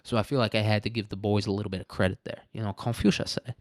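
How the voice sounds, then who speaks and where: A man's voice: lowish voice, level tone, very fast, dry recording. Profane rambling male podcast host, dry sound. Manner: rambling, profane, laughs often. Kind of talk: casual solo podcast monologue.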